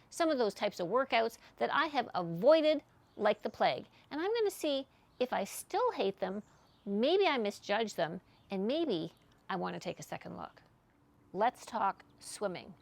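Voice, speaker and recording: A woman's voice: fairly high pitch, fairly bright tone. A woman in her sixties talking to camera about her workouts in a chatty, candid, self-deprecating way. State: out of breath after swimming. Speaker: fitness vlogger. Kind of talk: casual talk to camera.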